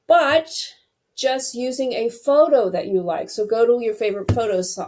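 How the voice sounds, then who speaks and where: A woman's voice: a little high, darkish tone. A woman hosting a casual screen-recorded web design tutorial, chatty and thinking aloud as she clicks through each step.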